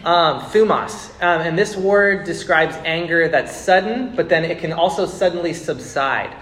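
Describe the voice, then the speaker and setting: In a church sanctuary, a man in his thirties delivers a sermon to his congregation as their pastor. He talks casually, repeats words, and builds to emphatic bursts in a fairly high, slightly bright voice at normal speed, with a roomy sound.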